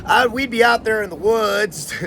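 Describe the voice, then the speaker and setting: A man's voice: high voice, moderate pace, sharp tone, a little hiss or hum. A man with a Californian accent, hosting and telling his own story in a laid-back, slangy way. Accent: Californian American. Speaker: host. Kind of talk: casual storytelling.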